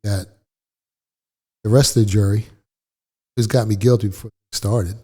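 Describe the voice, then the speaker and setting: Low husky man, profane storyteller. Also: moderate pace. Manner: blunt, profane, animated retelling. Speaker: interview guest. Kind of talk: casual storytelling.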